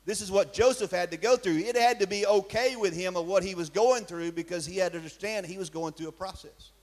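A male preacher, speaking in a voice pitched high for a man. He preaches emphatically in church and keeps asking his congregation questions. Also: brisk. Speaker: pastor. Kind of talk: sermon.

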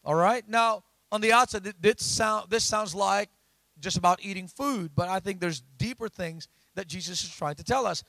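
A man preaching a sermon, often asking the congregation questions and rising to loud emphatic lines. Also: high-pitched, moderate pace, creaky, no echo. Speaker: pastor.

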